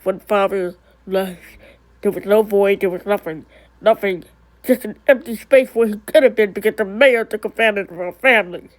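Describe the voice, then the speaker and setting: A woman voicing a stubborn, brooding young ghost in a one-person amateur drama, speaking low, curt and defiant. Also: moderate pace, close to an everyday voice, rough recording.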